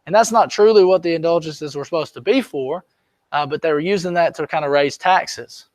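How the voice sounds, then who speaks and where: Male teacher, high-pitched, chatty lecture style, close dry sound. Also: brisk, dry recording. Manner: conversational, checks on students often. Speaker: history teacher. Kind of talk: classroom lecture. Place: classroom.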